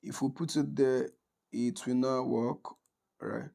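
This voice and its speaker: A man with a mid-range, dark, creaky voice takes it slowly with fairly even intonation while teaching a screen-recorded forex trading lesson. He's conversational, checks in often by asking "right?", and frequently restarts and corrects his sentences.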